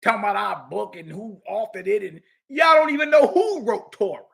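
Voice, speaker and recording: A man's voice: high-pitched, very animated, fairly quick, gravelly, a bit bright, husky. A man teaching scripture in a heated lecture, mocking and confrontational, with slangy asides and repeated key phrases. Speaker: religious teacher.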